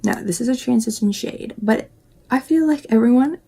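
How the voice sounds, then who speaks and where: A woman's voice: fairly high pitch, moderate pace, gravelly, heavy background noise. A young woman from West Virginia chatting casually through a makeup tutorial, rambling and dropping into whispered asides. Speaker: beauty vlogger.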